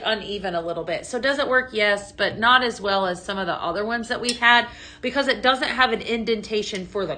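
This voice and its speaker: Chatty woman host, bright and slightly high voice, live sales stream. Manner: chatty and bubbly, greets viewers by name, answers their questions. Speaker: home fragrance consultant hosting a live sales stream. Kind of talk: casual live-stream product demo.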